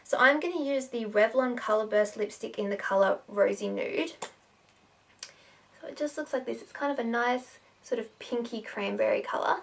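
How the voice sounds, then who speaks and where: A woman's voice: a little high, normal speed, creaky, recorded from a distance. A woman giving a casual makeup tutorial, talking in a chatty way with lots of fillers.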